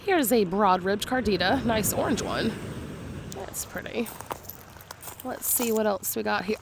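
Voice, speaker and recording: A woman's voice: fairly high pitch, animated, a little slow, slight background noise. Chatty woman with a sick voice. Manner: chatty, laughs often, admiring each find. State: sick, slightly hoarse voice. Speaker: beach vlogger. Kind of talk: casual narrated beach walk. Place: outdoors on a beach.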